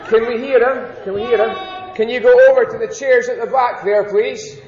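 A man's voice: very high-pitched, steady tone, a little fast, a crowd in the background, noisy background. A man giving a playful children's talk in church, asking the children teasing, coaxing questions. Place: large church hall. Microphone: wireless handheld mic, heard from far off. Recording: echoey church hall from far off, dull.

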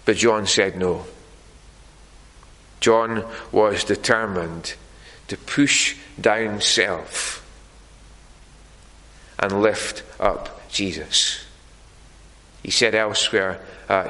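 A man preaching a sermon in a church, earnest and deliberate, pausing often on fillers. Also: on the low side, sharp tone, big-room sound, low-quality recording.

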